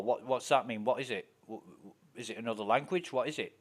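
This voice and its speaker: A man's voice: mid-range voice, brisk. A man with a Yorkshire accent chatting casually while streaming a game, telling rambling stories and swearing often. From Yorkshire, England. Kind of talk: casual chat while gaming.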